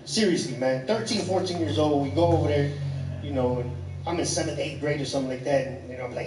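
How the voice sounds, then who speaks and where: A man, doing profane, rambling, animated stand-up storytelling. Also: fairly high pitch, quick pace, over music. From Chicago. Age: 30s. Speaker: stand-up comedian. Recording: echoey club from far off.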